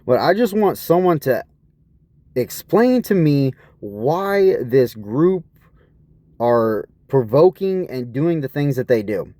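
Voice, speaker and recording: Slow and mellow, this man's mid-range voice swings widely in pitch, recorded with no room sound. The vlogger rambles through a personal story, swearing and aggrieved, asking over and over what's wrong with people.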